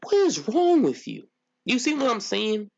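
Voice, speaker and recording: A man's voice: very high voice, huge pitch swings, a little slow, creaky, darkish tone. Ranting streamer man, dull lo-fi sound. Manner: ranting, incredulous, rhetorical questions. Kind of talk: live-stream reaction commentary to chat.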